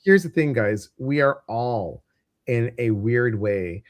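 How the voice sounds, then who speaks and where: A man with a Midwestern American accent hosts a casual live stream, chatting along in a rambling way full of fillers. His voice sits at an ordinary middle pitch and sounds close and dry, with no room echo. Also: animated, slow. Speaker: host.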